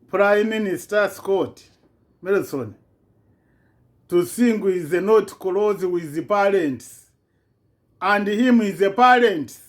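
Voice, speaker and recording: A man's voice: high-pitched, a bit bright. A man giving an impassioned political rant in broken, non-native English, repeating himself with indignation. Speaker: vlogger.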